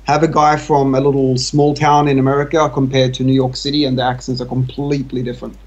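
Mellow-accented Australian male co-caster. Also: mid-range voice, flat delivery, quick pace, lo-fi sound. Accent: Australian, softened with some British. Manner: easygoing, chatty, self-deprecating. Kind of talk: game commentary.

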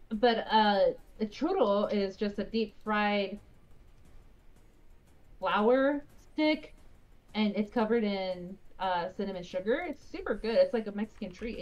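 Woman streamer, mid-pitched, chatty and explanatory, slightly dull recording. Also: darkish tone. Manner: chatty, explains at length, laughs often. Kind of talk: casual chat while gaming.

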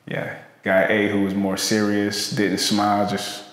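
A man's voice: lowish voice, monotone, a little slow, fairly bright tone. A man co-hosting a podcast, telling a story in loose, slangy casual talk. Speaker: podcast co-host. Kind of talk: casual conversation. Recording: very echoey long-reverb room.

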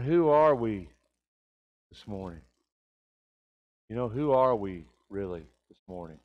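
Man preaching a confessional sermon. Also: highs cut off. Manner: swings from loud, high emphatic bursts to quiet low confessions. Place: church sanctuary.

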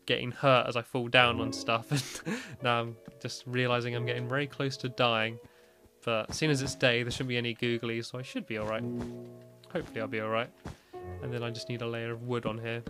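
A man giving casual, rambling gameplay commentary, with lots of "like" fillers and light laughs. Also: mid-range voice. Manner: chatty and rambling, with frequent "like" fillers and small laughs. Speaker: gaming video host.

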